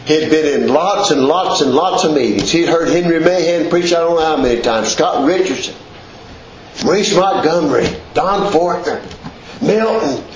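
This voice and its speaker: A man's voice: on the high side, animated, moderate pace, echoey room, lo-fi sound, slight background noise. A man preaching a sermon in a church, repeating phrases with rising emphasis.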